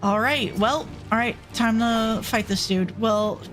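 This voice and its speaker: A woman's voice: fairly high pitch, takes it slowly, a bit bright, faint music behind. A woman streamer giving wry, self-mocking gameplay commentary and swearing casually.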